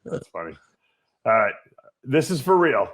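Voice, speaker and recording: A man's voice: medium pitch, big pitch swings, a little slow, a bit bright. A man hosting a show in casual chat with a guest, joking and laughing often. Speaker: show host.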